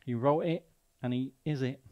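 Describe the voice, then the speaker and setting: A man's voice: mid-range voice, moderate pace, mellow, muffled recording. A man with a Mancunian accent preaching a sermon as a guest speaker, emphatic and full of rhetorical questions.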